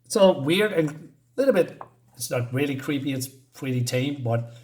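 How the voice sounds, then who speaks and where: A man talks through a comic book in a loose, rambling way, stopping often for fillers and small chuckles. His pitch moves a lot as he goes, lively and up and down. It sounds like casual, unscripted commentary. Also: moderate pace. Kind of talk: casual comic review, reading panels aloud.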